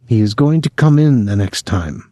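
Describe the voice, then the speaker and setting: A man voicing a sullen, blunt foreign woman who works as a house servant, speaking flatly. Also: fairly low pitch, normal speed, no room sound. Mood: calm, flat.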